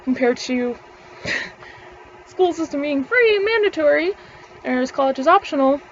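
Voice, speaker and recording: A woman's voice: high voice, lively intonation, measured pace, muffled recording, a little hiss or hum. A young woman, ranting casually to camera, rambling, swearing freely and laughing between words. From Canada. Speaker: vlogger.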